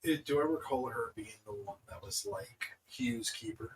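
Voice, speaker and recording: A man's voice: mid-range voice, huge pitch swings, normal speed, background noise. A man playing a tabletop game, speaking hesitantly with plenty of fillers. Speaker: player.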